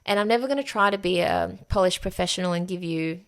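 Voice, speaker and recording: A woman's voice: lowish voice, fast talker. A woman hosting a solo podcast, talking frankly and emphatically and swearing freely. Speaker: podcast host. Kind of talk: candid solo podcast monologue.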